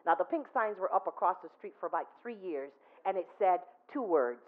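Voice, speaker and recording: A woman's voice: a little high, moderate pace. A woman giving a chatty, anecdotal tribute at a memorial, telling stories and checking in with her listeners. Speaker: eulogy speaker at a memorial. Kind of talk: storytelling tribute. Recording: tinny phone-like recording.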